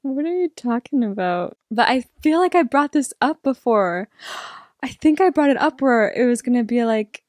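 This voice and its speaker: A young woman reacting to a TV episode, excitable and rambling as she thinks out loud. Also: on the high side, moderate pace, dry recording, studio quality. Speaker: reaction vlogger.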